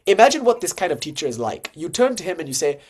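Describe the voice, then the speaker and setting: A man's voice: fairly high pitch, fast talker. A man giving an informal lecture on Hindu philosophy. He talks in a conversational way, full of "like" and "you know" fillers. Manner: animated, jumps to lively acted-out dialogue.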